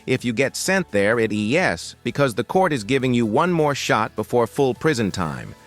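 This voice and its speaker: A man's voice: medium pitch, sing-song, normal speed, faint music behind. A man narrating a courtroom video as voice-over, with punchy, hyped commentary. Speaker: channel narrator.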